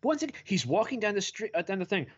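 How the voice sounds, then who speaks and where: A man's voice: sits high, sing-song, fast, husky, dull audio. A man co-hosting a casual podcast, talking bluntly and with exasperation about movies. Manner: blunt, exasperated, swears a lot. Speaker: podcast co-host. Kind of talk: casual movie review chat.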